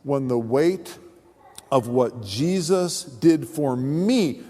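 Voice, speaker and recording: A man who is a pastor, giving his testimony as an animated storyteller who acts out the voices. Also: medium pitch, takes it slowly. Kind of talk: sermon testimony. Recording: long reverb of a large hall.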